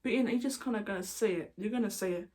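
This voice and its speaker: A woman's voice: mid-range voice, very fast, a little mellow. A British woman chatting casually to camera, rambling and jokey, going off on tangents. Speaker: YouTuber. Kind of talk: casual vlog chat.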